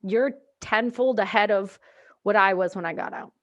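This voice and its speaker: A woman's voice: medium pitch, normal speed, highs cut off. A woman hosting a podcast in casual chat, encouraging and blunt, swearing freely. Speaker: podcast host.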